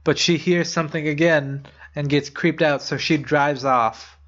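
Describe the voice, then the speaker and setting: A man's voice: fairly high pitch, steady tone, unhurried, a bit bright. Young man rambling through spooky stories. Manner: rambling, many "like" fillers, blunt swearing. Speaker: podcast co-host. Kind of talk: casual chat, retelling urban legends. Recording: dull lo-fi podcast audio.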